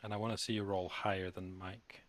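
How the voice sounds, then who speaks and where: A man narrating as game master of a tabletop game, describing scenes in measured steps and pausing on fillers. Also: sits low, little pitch movement, a little hiss or hum.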